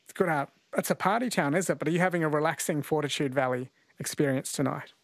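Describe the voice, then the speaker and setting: A man's voice: on the high side, fast, no echo. A man hosting a radio call-in quiz, chatting in a friendly way with callers. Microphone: studio mic.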